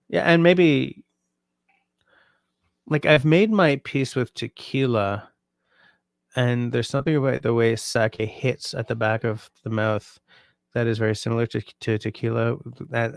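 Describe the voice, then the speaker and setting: A sleepy, yawning man hosting a livestream, chatting casually and reading out viewer comments in a relaxed, rambling way. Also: mid-range voice, gravelly, dry recording, studio quality. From Canada. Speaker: livestream host.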